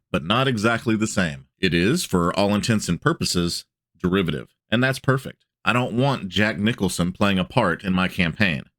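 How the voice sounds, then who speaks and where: Very low-voiced man reading aloud with asides. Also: fairly bright tone, no room sound, clean studio sound. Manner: reads aloud, then breaks off into casual joking asides. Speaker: tabletop gaming video host. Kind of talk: reading a blog post aloud with commentary.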